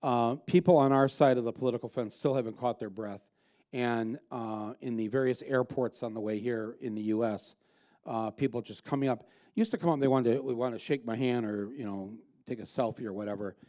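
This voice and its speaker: A man speaks onstage as a guest before a live audience, with an average-pitched, mellow, warm voice. His delivery is blunt and emphatic, and he often restarts his sentences. He sounds like a filmmaker in conversation rather than reading a script. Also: brisk. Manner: blunt, emphatic, profane, with frequent restarts and fillers.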